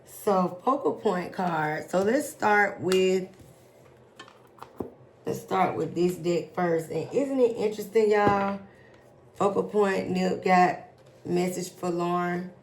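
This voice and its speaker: A woman doing a casual tarot reading for her viewers, slowly reading out card messages and reacting to them. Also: on the low side, a little hiss or hum. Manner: slow, drawn-out, reads card text aloud then reacts emotionally. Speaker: tarot reader.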